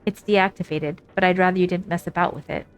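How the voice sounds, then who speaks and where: A woman voicing a stern city caretaker, reading game dialogue in a brisk, matter-of-fact way. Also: lowish voice, steady tone, clean tone, lightly acted.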